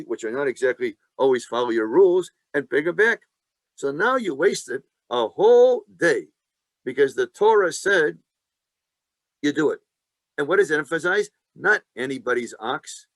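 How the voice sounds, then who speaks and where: Rabbi type leading a Torah class, man, voice on the higher side, emphatic, quizzes the room, dry close recording. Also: a bit bright, dry recording. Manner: emphatic, asks and answers his own questions, joking asides. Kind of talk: lively Torah lesson.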